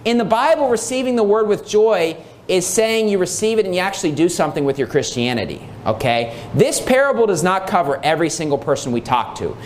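A man's voice: high voice, big pitch swings, a little fast, few pauses, a little hiss or hum. A man preaching a sermon, reading scripture aloud and repeating key phrases for emphasis.

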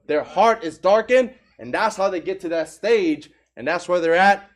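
A man's voice: sits high, moderate pace. A man preaching a sermon with emphasis, putting rhetorical questions to the congregation.

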